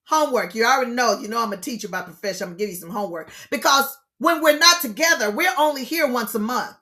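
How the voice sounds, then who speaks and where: Middle-aged woman, grief counselor, online class; bright, higher voice, sermon-like repetition. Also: quick pace. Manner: expressive, preacher-like, exclaims and repeats key phrases. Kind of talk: lively teaching talk to an online group.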